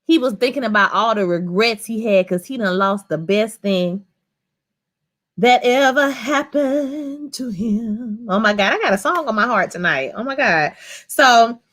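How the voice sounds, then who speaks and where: Woman, casual TV recap host, animated and chatty, cusses freely. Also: mid-range voice. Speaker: TV episode reviewer.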